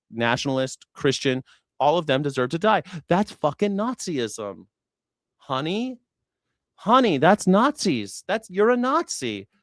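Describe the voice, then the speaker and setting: A man's voice: fairly high pitch, no room sound, studio quality. A man streaming political commentary in a heated, profane rant, sarcastic and mocking his opponents. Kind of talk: ranting live stream commentary.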